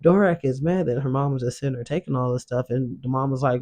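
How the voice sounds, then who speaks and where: Gravelly-voiced man recapping a show. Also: medium pitch, steady tone, quick pace, few pauses, darkish tone. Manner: loose slangy storytelling, acts out quotes. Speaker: show reaction host. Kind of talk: casual recap commentary.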